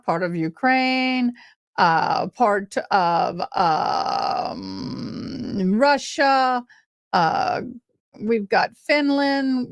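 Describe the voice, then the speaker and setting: A woman hosts a casual livestream, talking in a chatty, scattered way and breaking into sudden cheers. Her voice sits in a middle range. The sound is dry, with little room echo. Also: medium pitch. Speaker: livestream host.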